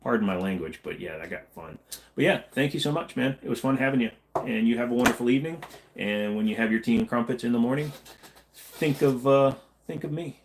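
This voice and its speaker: A man's voice: mid-range voice, brisk, slight background noise. A man hosting a casual late-night livestream Q&A, rambling and joking as he reads chat messages aloud. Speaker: livestream host.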